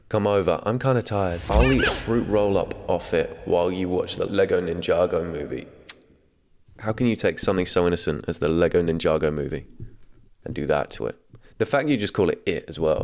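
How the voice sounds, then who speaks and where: Low-voiced young man doing comedic commentary. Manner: wry, laughs often, casual swearing. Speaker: commentary host.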